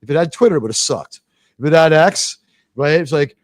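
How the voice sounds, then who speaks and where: American man, talk show host, high voice, rambling stories, dry close sound. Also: brisk, dry recording. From United States. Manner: rambling, animated storytelling with frequent fillers. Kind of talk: casual live talk show chat.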